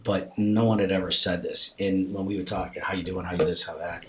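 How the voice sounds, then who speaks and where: Brief: man, low voice, podcast guest storytelling, acts out voices, quiet room hum. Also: brisk. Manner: animated, acts out both sides of the dialogue; drops to a soft, hushed voice in tender moments. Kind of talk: personal storytelling in a casual interview.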